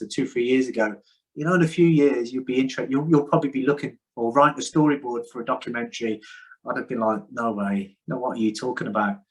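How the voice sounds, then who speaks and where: A man's voice: medium pitch, fairly bright tone, rough recording. Candid, rambling man. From United Kingdom. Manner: candid, rambling, frequent restarts and swearing. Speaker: podcast guest. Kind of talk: casual conversation. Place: outdoors in the sun.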